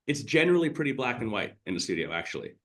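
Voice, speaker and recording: A man's voice: mid-range voice, very animated, rapid-fire, fairly bright tone. A man talks as a business coach in a casual chat. His manner is blunt and emphatic, with some swearing, and he reasons through his point step by step.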